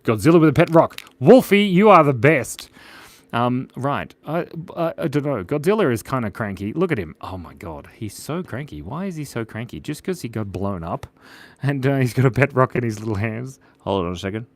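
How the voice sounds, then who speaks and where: A man's voice: medium pitch, lively intonation, normal speed. A young man hosting a casual livestream, drawing requests and reading chat aloud in a playful, giggly way.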